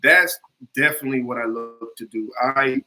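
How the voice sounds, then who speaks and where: A man's voice: mid-range voice, normal speed, pushed and bright, soft background music, low-quality recording. Earnest man telling an acting story. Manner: earnest, storytelling, many fillers and restarts. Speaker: actor, interview guest. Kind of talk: conversational interview.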